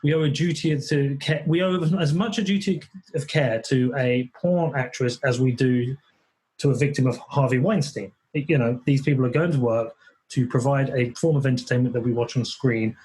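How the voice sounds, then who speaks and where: A man's voice: medium pitch, moderate pace, darkish tone, breathy edge. An English man, a podcast guest, talking bluntly in casual chat, swearing and restarting his sentences often. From England.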